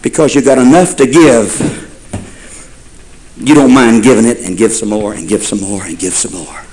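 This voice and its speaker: A man's voice: medium pitch, normal speed, a little mellow, a little hiss or hum, low-quality recording. A man preaching a sermon in a folksy storytelling way, building to fervent repeated phrases.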